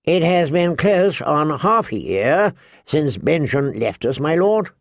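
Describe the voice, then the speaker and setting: A man's voice: a little high, very animated, slow pace, gravelly, no echo, studio quality, voice pushed up, full character voice. A man voicing a cold, impatient knight who speaks curtly. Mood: assured. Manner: cold, curt.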